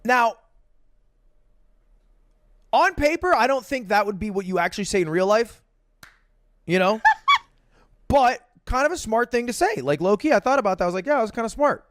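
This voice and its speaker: A man telling a long personal story in a casual, excitable way, swearing now and then. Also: high voice, normal speed, long pauses, a little hiss or hum. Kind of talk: animated storytelling.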